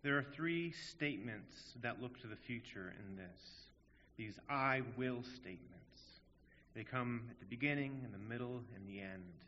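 A man's voice: medium pitch, lively intonation, unhurried, a little hiss or hum. A man preaching a sermon in an earnest, emphatic way, asking rhetorical questions. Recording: dull audio in a long-reverb hall.

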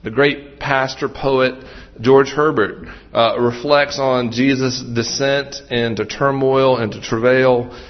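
A man's voice: mid-range voice, fairly even intonation, takes it slowly. A man preaching a sermon as pastor, conversational and self-deprecating, with asides and restarts. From Western Maryland. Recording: muffled, dull sound.

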